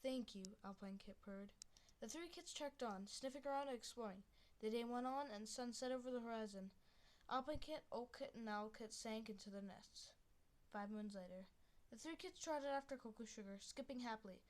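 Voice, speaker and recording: A woman's voice: on the high side, normal speed. A woman reading an animal adventure story aloud in an unpolished way, restarting lines and adding chatty asides.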